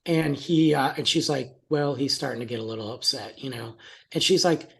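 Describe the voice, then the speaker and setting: A man's voice: medium pitch, normal speed, vocal fry. Young adult man, casual podcast storyteller, laughs a lot, acts out quotes. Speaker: podcast co-host.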